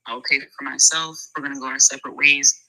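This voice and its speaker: A woman's voice: extremely low pitch, fairly even intonation, fast talker, pushed and bright, dry recording, poor audio. A woman hosting a heated casual debate, blunt and sarcastic as she scolds the men. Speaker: show host.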